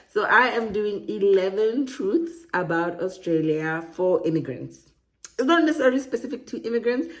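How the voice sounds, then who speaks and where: A woman vlogging about relocating, chatty and digressive, often laughing at her own asides. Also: mid-range voice. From South Africa. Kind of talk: casual to-camera monologue.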